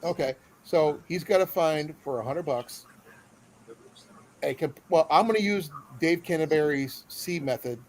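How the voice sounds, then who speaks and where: A man's voice: on the high side, unhurried, slight background noise, low-quality recording. A man from Iowa hosting a casual live stream, talking in a rambling, friendly way with lots of fillers. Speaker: host.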